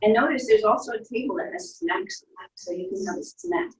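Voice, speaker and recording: A woman with a fairly high voice guides listeners through an imagined journey, soft and playful, now and then making little sound effects. She sits well back from the mic in a room that echoes around her. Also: sing-song, brisk, distant mic, background noise. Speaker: instructor leading a guided visualization. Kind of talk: guided imagination story for children.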